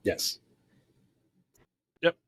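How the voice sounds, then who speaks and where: A man's voice: very slow, a bit bright, no echo. Rambling male podcast host, dry close mic. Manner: rambling recap, acts out characters' lines. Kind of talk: casual movie recap chat.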